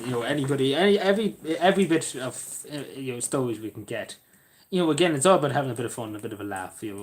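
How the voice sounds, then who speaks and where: A man with an Irish border accent from Cavan, rambling and swearing as he chats with viewers while hosting a livestream. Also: mid-range voice. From Ireland. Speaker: livestream host. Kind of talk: casual livestream chat reading the chat.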